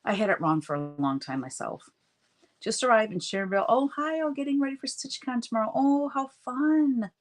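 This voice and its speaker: A woman's voice: medium pitch, lively intonation, brisk. A middle-aged woman hosting a casual live stream, greeting viewers and chatting while she crafts, a bit sniffly from allergies. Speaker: livestream host chatting with viewers.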